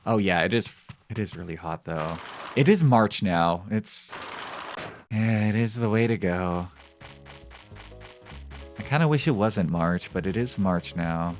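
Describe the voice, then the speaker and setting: A man's voice: deep voice, animated, a little slow, long pauses, soft background music. A male streamer giving casual, joking commentary while playing a game, rambling and reading game text aloud. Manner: repeats phrases in shifting voices.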